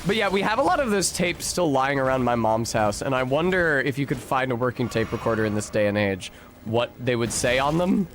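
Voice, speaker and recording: A young American man talking his way through a game stream, wandering from story to story and swearing freely. He reacts to the fight on screen and answers his chat in a loose, offhand way. His voice sits at an ordinary middle pitch, with a faint hiss of noise behind it. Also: animated, fairly quick. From United States. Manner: rambling, profane, chatty, answers chat while playing. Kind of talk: casual gameplay stream chat.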